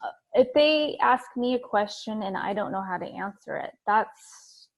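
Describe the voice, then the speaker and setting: Hesitant woman with a gravelly voice. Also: mid-range voice, expressive, normal speed. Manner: hesitant, many fillers. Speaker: sales team member. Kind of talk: casual chat on a video call.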